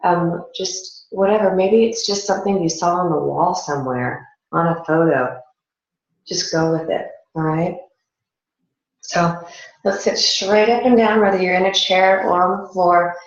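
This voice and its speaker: A woman teaching a yoga and meditation class, talking listeners through the steps calmly and gently. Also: fairly low pitch. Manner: calm, gentle guiding instructions with a slow pace. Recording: echoey, dull lo-fi room recording.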